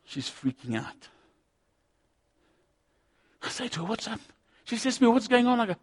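Impassioned high-voiced male preacher. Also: very animated, normal speed, long pauses, slightly rough. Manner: impassioned, swinging between shouting and hushed intensity. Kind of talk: sermon.

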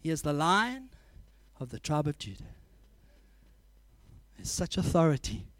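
A man preaching a sermon, telling animated stories, laughing often and acting out scenes. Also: fairly high pitch, unhurried, no echo.

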